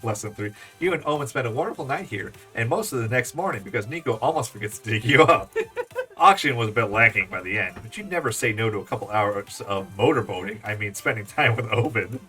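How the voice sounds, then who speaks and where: A man's voice: on the low side, lively intonation, quick pace, sharp tone. A man streaming a dating game, reading the text aloud with laughing, swearing asides. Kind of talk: game let's-play reading and voicing. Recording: distant mic with faint game music.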